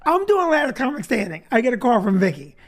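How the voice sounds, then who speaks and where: A man's voice: extremely high pitch, very animated, quick pace. A man telling a comic story as host of a live show, laughing through his own jokes. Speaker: comedian host. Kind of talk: comedic storytelling.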